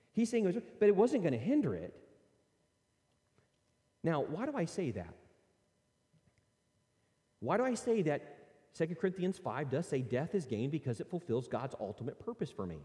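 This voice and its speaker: A pastor delivers his sermon with a lively, rising and falling voice that is mellow rather than bright. He speaks earnestly, pressing his points hard and then dropping to soft asides. The sound carries the long reverb of a church hall. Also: fairly high pitch. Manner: earnest, animated preaching with rising emphasis and quiet asides.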